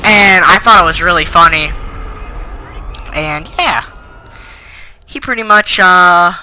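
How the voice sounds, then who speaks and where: A man's voice: sits high, slow, bright, forceful tone, a little hiss or hum, poor audio. A teenage boy telling a school story in an indignant, rambling way, full of fillers. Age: teens. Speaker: channel host. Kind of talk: storytime rant.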